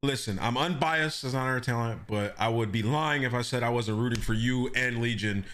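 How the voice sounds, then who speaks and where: A man hosting a podcast, chatting casually in relaxed, slangy banter. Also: mid-range voice, moderate pace, a little hiss or hum. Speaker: podcast host. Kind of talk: casual chat.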